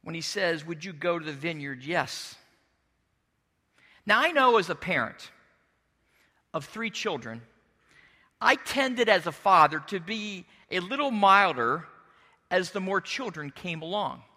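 A middle-aged male pastor preaching a sermon as an expressive storyteller who slips into character voices. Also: sits high, a little slow, in a large hall.

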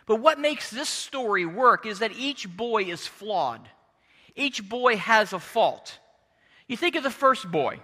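A middle-aged male pastor preaches a sermon, telling stories expressively and slipping into character voices. His voice sits high and he takes his time. The sound has a big-room quality.

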